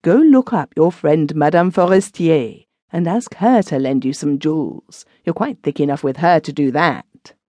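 A woman's voice: deep voice, animated, unhurried, few pauses, warm tone, no room sound. A woman doing a timid, coaxing clerk husband. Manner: coaxing, stammering.

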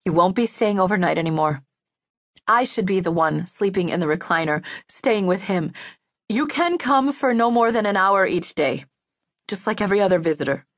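A woman's voice: medium pitch, expressive, moderate pace, no echo, lightly acted. A woman voicing a bitter, grieving middle-aged mother who scolds angrily and mocks, for an audiobook, dry recording. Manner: angry, mocking, clipped. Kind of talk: audiobook character voice.

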